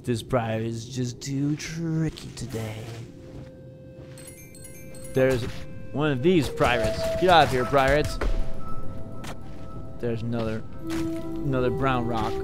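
A man narrating a game as he plays, in a goofy, rambling way, often talking straight to the characters on screen. He speaks slowly at a middle pitch. Game music plays clearly behind him. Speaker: gamer playing through a game. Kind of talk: playful game commentary with improvised character lines.

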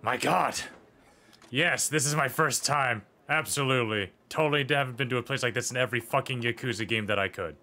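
Crude, bright-voiced male game streamer. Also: medium pitch, moderate pace, faint music behind. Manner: crude, joking, swears freely and laughs a lot. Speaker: gaming streamer. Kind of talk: casual gameplay commentary.

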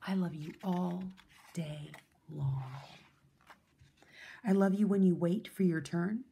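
A woman reading a children's picture book aloud in a gentle, soothing way. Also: lowish voice, slow pace, gravelly, slightly rough. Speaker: storyteller.

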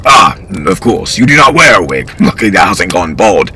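A man's voice: deep voice, big pitch swings, moderate pace, pushed and bright, a little hiss or hum, pitched below the performer's own voice, heavily acted. A man voicing a fat, gouty old lord who is pompous, indulgent and sly, in a storybook reading. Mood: jovial.

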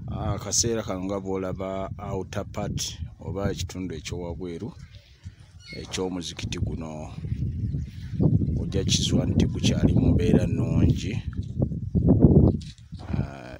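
A man gives a measured, informal walkthrough outdoors. His voice is very low, and clear background noise runs under the recording. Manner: measured, explanatory, with hesitations. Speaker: video presenter touring a mosque. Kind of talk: informal guided presentation. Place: outdoors at a village mosque.

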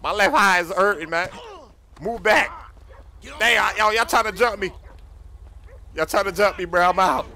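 A young man in excitable, slangy game role-play commentary with loud outbursts. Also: high voice, measured pace, long pauses, slight background noise. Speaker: gaming YouTuber.

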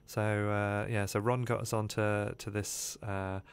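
A man with a low, smooth and clear voice tells his life story as a podcast guest. He talks in an animated, rambling way and fills his pauses with frequent "uh"s.

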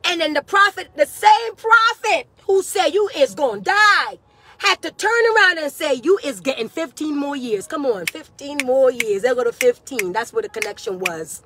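High-voiced fervent woman preacher outdoors. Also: animated, normal speed. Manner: fervent, rising to cries and shouts, Southern-style preaching cadence. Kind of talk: prophetic sermon. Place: outdoors, hot day.

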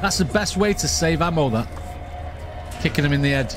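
A man giving excitable gaming commentary, shouting and laughing at the action as he plays. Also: on the high side, fairly quick, music in the background. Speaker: gaming streamer.

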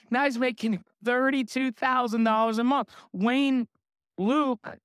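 Clear-voiced boastful male sales trainer. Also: very high voice, no room sound, clean studio sound. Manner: boastful, energetic, asks the crowd questions. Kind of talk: motivational seminar talk to an audience.

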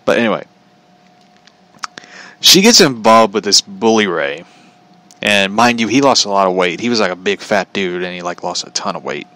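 A man's voice: lowish voice, lively intonation, normal speed, long pauses, bright, forceful tone, no room sound, poor audio. A man giving a casual, sarcastic rant about wrestling, laughing often as he talks. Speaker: commentator.

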